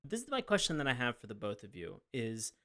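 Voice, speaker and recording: A man co-hosting a casual podcast, thinking out loud with many fillers and asking the others questions. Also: mid-range voice, wildly swooping pitch, fairly quick. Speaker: podcast co-host.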